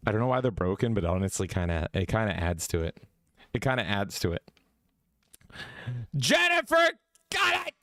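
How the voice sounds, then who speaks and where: A man's voice: deep voice, fast talker, no room sound, clean studio sound. A man co-hosting a casual gaming podcast, goofy and rowdy, swearing often. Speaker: podcast co-host.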